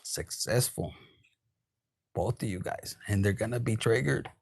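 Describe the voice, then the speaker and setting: A man reads tarot to camera in a lively, casual manner, swearing freely and breaking into quoted voices and bits of Spanish. His husky, gravelly voice is fairly low, and he speaks at a measured pace.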